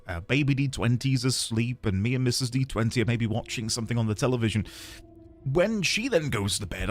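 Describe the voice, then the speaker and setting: Guy streaming, chats and rambles, says hi to chat by name, voice swings a lot. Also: mid-range voice. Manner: chatty, rambling, greets viewers by name. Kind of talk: casual chat with viewers.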